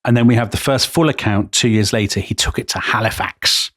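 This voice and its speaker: He speaks a little fast with a fairly low pitch and a fairly bright tone, recorded in clean studio sound with no echo. An English co-host of a history podcast, he tells stories eagerly in casual conversation, wandering into many asides.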